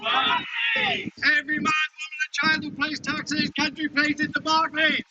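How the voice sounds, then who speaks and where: A man with a Welsh accent giving a protest speech and leading call-and-response chants outdoors, shouting and joking between chants. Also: very high voice, monotone, brisk, muffled recording. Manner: shouting, leads the crowd in chants, jokey asides. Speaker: protest speaker. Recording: loud crowd and noise from a street protest. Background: loud crowd repeating chants.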